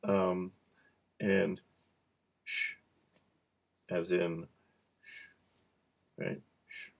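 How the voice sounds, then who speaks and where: Slow, gravelly male instructor. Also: sits low. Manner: repeats practice words slowly, jokes softly. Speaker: cueing instructor. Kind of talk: relaxed teaching to camera.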